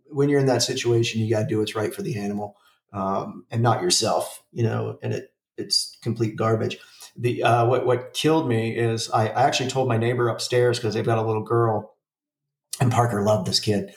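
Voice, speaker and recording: A man's voice: fairly low pitch, roomy sound, far from the mic. A man in his forties, a podcast co-host, chatting casually in a rambling, profane way with lots of fillers and restarts. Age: 40s. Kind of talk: casual chat.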